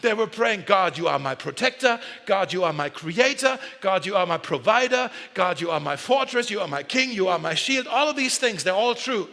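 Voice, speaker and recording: A man's voice: high voice, lively intonation, normal speed, gravelly, few pauses, sharp tone. A man preaching a sermon in a casual, joking way, often correcting himself mid-sentence. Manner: conversational and joking, with self-corrections. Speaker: pastor. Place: large church hall. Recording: long hall reverb.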